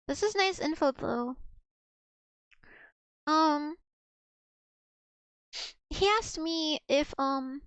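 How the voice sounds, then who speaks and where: A woman's voice: sits high, extremely slow, pauses often, a bit bright, dry recording. A young woman from the United States chatting casually on a livestream, rambling with restarts and giggles. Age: young adult. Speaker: streamer.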